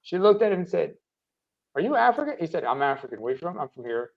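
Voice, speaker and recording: A man's voice: fairly high pitch, lively intonation, fast talker. A man from the Horn of Africa region, a panel guest telling stories in casual chat and swearing freely. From Eritrea or Ethiopia region. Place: living in Scandinavia. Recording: dull lo-fi audio.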